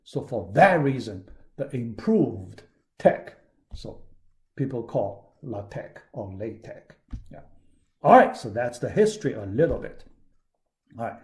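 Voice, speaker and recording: A man lecturing to his class at an unhurried, slow pace. His voice is mellow and dark, and he talks in a halting way, stopping and restarting often. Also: medium pitch, very animated. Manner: halting, many fillers and restarts. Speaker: university lecturer. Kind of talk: recorded lecture.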